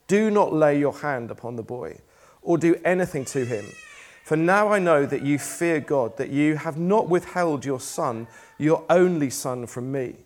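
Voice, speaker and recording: A man's voice: mid-range voice, darkish tone. Casual male preacher reading scripture. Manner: conversational, self-deprecating, laughs lightly. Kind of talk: sermon with Bible reading. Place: church.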